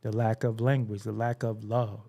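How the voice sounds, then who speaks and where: A man's voice: fairly low pitch, level tone, moderate pace, vocal fry, warm tone. A man from Brooklyn with a Brooklyn accent, hosting a casual commentary monologue in a blunt, preachy way, swearing freely. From Brooklyn, New York. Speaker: show host.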